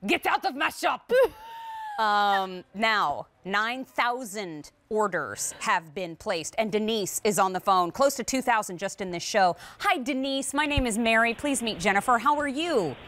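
A woman's voice: medium pitch, animated, measured pace, few pauses, a bit bright. A woman hosting a live home shopping show in a studio kitchen, with bubbly, upbeat sales patter. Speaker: shopping channel host.

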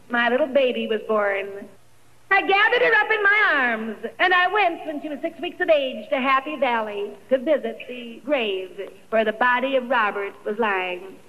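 A woman telling her life story as an emotional personal testimony, dramatic and quoting others in her own voice. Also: high voice. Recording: dull old archival recording in a reverberant hall.

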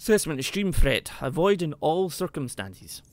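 A man commentating his game play, excitable, talking to the creatures and shouting when he panics. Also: fairly high pitch, normal speed. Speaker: gaming YouTuber.

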